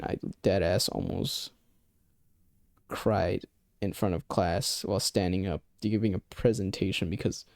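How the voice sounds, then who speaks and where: A man's voice: on the low side, vocal fry, darkish tone, dry recording, clean studio sound. A young man telling a personal story in a loose, rambling way, swearing often and leaning on filler phrases. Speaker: vlogger. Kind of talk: casual storytime.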